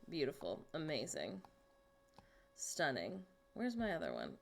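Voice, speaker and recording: Lively chatty woman streamer. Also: medium pitch, unhurried, pauses often, a little hiss or hum. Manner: chatty, talks to herself while working on screen; greets and answers chat viewers. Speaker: livestream host. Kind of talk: casual livestream chat.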